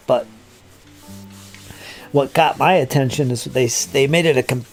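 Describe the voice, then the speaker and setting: A man's voice: mid-range voice, gravelly. A man hosting a casual live hobby chat while he crafts, rambling and joking and often laughing at himself. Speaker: hobby channel host.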